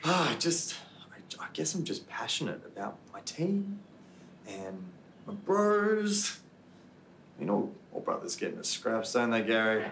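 A man's voice: medium pitch, very animated, measured pace, creaky, a bit bright, roomy sound, a little hiss or hum, full character voice. Hot-headed Australian company man. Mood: fired up. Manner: intense, then overly matey. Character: overzealous male coworker, hot-headed.

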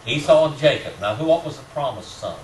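A man's voice: on the high side, animated, fairly quick. Guy teaching bible class at church, quizzing folks and chuckling, far off mic, echoey room, bit of hiss. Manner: asks the class questions, chuckles often, warm teasing. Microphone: room mic from a distance. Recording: roomy distant amateur recording with faint hiss.

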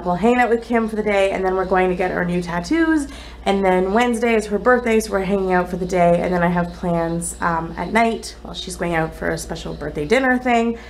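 A young woman chatting casually in a home vlog, exasperated, swinging between flat mutters and shrill outbursts. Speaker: vlogger. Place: home, indoors.

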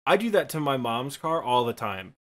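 This Midwestern podcast co-host has a thick Michigan accent, a medium-pitched voice with big pitch swings, and a moderate pace. His chat is casual and rambling, full of fillers and self-deprecating asides.

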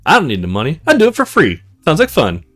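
A man's voice: a little high, wildly swooping pitch, fast, a bit bright, soft background music, exaggerated voice. A man voicing a cheery, laid-back young male stranger with a put-on folksy drawl. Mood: eager.

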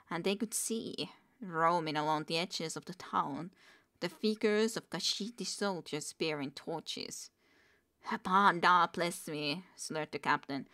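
A woman streamer slowly reading a book aloud, with wry asides between passages. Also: low-pitched, fairly bright tone. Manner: unhurried, wry side comments between passages.

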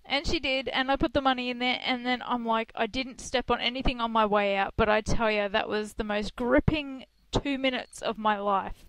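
A talkative woman co-hosting a relaxed online radio show, her voice sitting a little high. She spins stories with lots of laughing, and the sound is close and dry. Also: moderate pace, hardly any pauses, no echo. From Australia. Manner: chatty storyteller, laughs often. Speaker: co-host. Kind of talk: casual radio chat.

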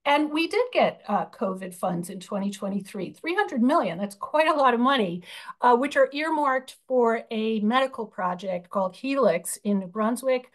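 A woman's voice: on the high side, expressive, normal speed. A woman chairing a union budget committee, presenting slides over a video call, explaining with frequent fillers and restarts.

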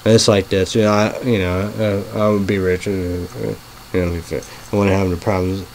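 A man's voice: deep voice, level tone, moderate pace, darkish tone, a little hiss or hum, low-quality recording. A man hosting his own online show in casual rambling talk, full of "you know" fillers and swearing. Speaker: show host.

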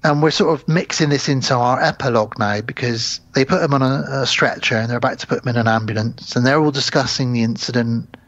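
A man's voice: medium pitch, quick pace, fairly bright tone, dry recording. Guy on a film podcast recapping the plot, doing little voices for the characters, dry lo-fi sound. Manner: retells plots at length, acting out characters' lines. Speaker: podcast co-host. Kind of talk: casual film recap chat.

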